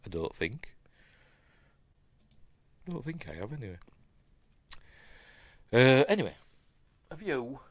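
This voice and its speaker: A man's voice: mid-range voice, sing-song, takes it slowly, long pauses, dry recording, studio quality. A middle-aged man with a Yorkshire accent giving casual, chatty commentary on a film he's reviewing, full of asides and self-corrections. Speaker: film reviewer, channel host.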